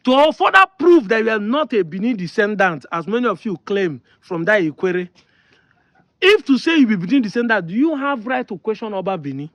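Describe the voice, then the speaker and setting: High-voiced, insistent Nigerian man. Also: very animated, brisk, fairly bright tone, no echo. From Delta State, Nigeria. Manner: emphatic, insistent, repeats points. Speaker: online commentator. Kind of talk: opinion monologue to camera.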